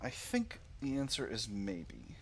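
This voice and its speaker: A man talks through his turns in a war strategy game, weighing moves out loud and pausing with ums. His pitch rises and falls with lively movement. He also reads the on-screen story text aloud, sometimes slipping into a light put-on voice for the characters. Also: creaky, slightly rough. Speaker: gaming channel host. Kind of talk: casual strategy game commentary.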